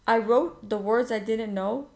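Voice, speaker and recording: A woman's voice: a little high, a little slow, a little mellow. Playful, chatty woman learning a language. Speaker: language learner and podcast co-host. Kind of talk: casual language-lesson chat.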